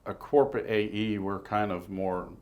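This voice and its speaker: A man answering as an interview guest, talking in a halting, hesitant way. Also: fairly low pitch, level tone, a little mellow. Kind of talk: casual interview chat.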